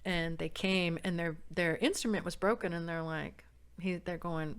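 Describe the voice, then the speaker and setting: A woman from San Diego tells a story about herself as a podcast guest, bringing the quoted voices to life through large shifts in pitch and loudness. She keeps a moderate pace and sounds smooth.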